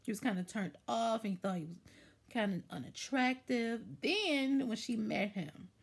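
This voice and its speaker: A woman hosting her own commentary show, giving an opinionated review in a sassy, animated way, her voice leaping up when she stresses a point. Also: a little high, unhurried, vocal fry, slightly rough. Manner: animated, sassy, voice jumps up for emphasis. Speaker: YouTube commentary host.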